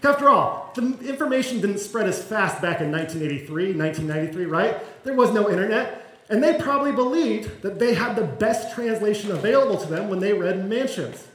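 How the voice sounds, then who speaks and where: A man with a high voice preaches a sermon, chatty and self-deprecating, joking as he goes. The sound is echoey, as if from a church sanctuary. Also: expressive, a little fast, a bit bright. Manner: conversational and self-deprecating, with humor. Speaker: pastor.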